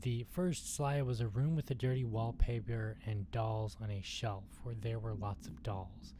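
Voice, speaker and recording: A man's voice: on the low side, steady tone, a little slow. A man streaming a video game, reading in-game documents aloud and swearing at the action, sometimes dropping to a whisper. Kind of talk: casual gameplay commentary. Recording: noisy stream with game ambience.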